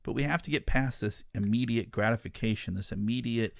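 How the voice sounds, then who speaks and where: This man hosts a ministry talk show, delivering a fervent, emphatic monologue straight to his audience. He speaks briskly in a gravelly mid-range voice, recorded at studio quality with no room sound.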